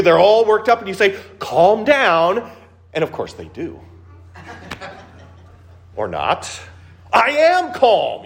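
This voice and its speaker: A man preaching a sermon in a conversational way, with rhetorical questions, rising high for quoted voices and dropping low and soft for serious points. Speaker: pastor.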